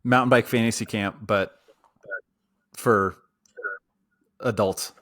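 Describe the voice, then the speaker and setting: Male podcast co-host, relaxed, ribbing his partner, casual chat. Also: fairly low pitch, slow. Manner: easygoing, teasing.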